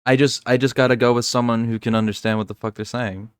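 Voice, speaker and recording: A man's voice: mid-range voice, little pitch movement, fast, clean tone, no echo. Laughing, swearing man in dry close sound. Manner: laughs often, swears freely, self-mocking. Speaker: podcast co-host. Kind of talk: casual podcast chat.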